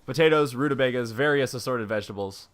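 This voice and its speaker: A man casting a live video game match, joking around between plays and then calling the action excitedly. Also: medium pitch, fast talker, faint music behind. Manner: jokey, rambling banter that rises into excited play-by-play. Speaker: esports caster.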